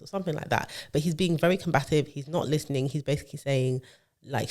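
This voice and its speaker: In casual podcast chat, a co-host rambles at length through a story, piling up fillers and self-corrections. They speak fast at an ordinary middle pitch.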